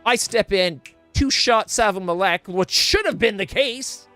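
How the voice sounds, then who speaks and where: A man's voice: high voice, expressive, a little slow, sharp tone, no echo, faint music behind. A man streaming a game blind, ranting in exasperated, profane casual commentary into a desk mic.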